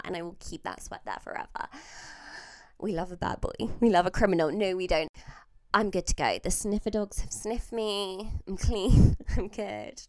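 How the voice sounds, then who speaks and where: Young woman telling stories, lowish voice. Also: no echo. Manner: animated, swearing, laughing mid-sentence. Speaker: podcast host. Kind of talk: casual storytelling monologue.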